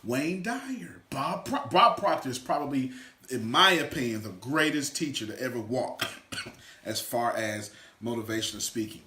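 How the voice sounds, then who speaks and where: A man giving an energetic motivational teaching talk to a small live audience, swinging from loud shouts to quiet asides. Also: mid-range voice, normal speed, a little hiss or hum. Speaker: motivational coach. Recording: echoey room.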